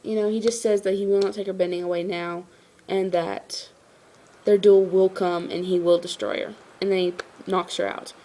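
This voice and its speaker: A woman gives a casual episode review. She sounds tired, and she rambles, leaning on "like" and "you know". Her voice is warm and mellow, never sharp. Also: fairly low pitch, level tone, brisk, hardly any pauses.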